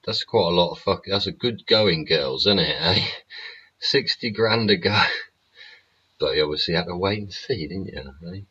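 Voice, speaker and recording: A man's voice: low voice, moderate pace, sharp tone, husky, muffled recording. A man hosting his show in a casual, sweary, rambling monologue, laughing often. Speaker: show host. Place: home studio.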